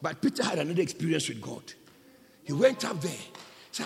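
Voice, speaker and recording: A man's voice: on the high side, big pitch swings, brisk, creaky, pauses often. Impassioned male preacher in a reverberant church. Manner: impassioned, surging from hushed to shouting. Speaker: pastor. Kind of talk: sermon.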